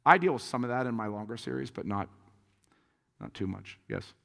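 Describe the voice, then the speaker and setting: Animated man telling stories in a hall. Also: mid-range voice, fairly quick, creaky. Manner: animated storyteller, acts out quotes, laughs often. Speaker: pastor answering audience questions. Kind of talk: conference Q&A talk.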